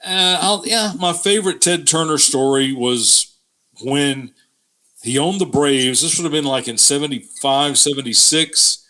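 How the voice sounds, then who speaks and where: A man from Georgia in the US, a podcast guest telling relaxed anecdotes in casual chat. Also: a little high, unhurried. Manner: relaxed anecdote teller, many "you know" fillers.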